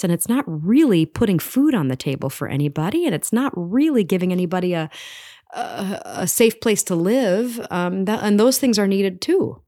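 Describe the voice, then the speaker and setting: A woman's voice: lowish voice, expressive, normal speed, dark tone. A woman in her forties, a stage performer, talking earnestly and animatedly through her doubts in an interview. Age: 40s. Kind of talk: reflective interview conversation.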